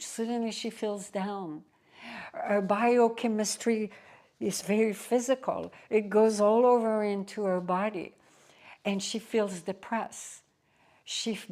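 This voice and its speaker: A woman's voice: medium pitch, a little mellow. A woman spiritual teacher giving a devotional satsang talk, telling a story to teach, with emphatic asides.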